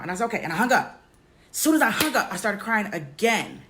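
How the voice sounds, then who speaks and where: A woman vlogger telling a personal story straight to her viewers, halting often and repeating herself. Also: medium pitch, lively intonation, noisy background. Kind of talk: candid personal storytelling to camera.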